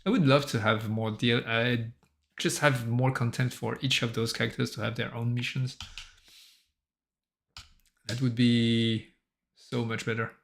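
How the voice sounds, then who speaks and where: French guy streaming his game dev stuff, slow easygoing talk, rambly, throat a bit sore. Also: mid-range voice, little pitch movement, creaky, a bit bright. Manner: rambling, chatty, self-amused. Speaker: solo game developer streaming. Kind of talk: casual livestream chat.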